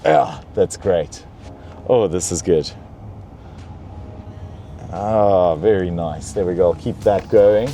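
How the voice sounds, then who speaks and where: Slow, low, mellow-voiced man hosting. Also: slight background noise. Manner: playful, mock-pampered. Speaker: host reviewing a luxury car. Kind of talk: comedic car review. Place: rear seat of a car.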